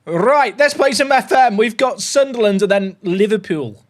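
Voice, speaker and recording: Animated man chatting on a livestream. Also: high-pitched, moderate pace. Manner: excitable, chatty, rambling. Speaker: gaming livestreamer. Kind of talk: casual livestream chat.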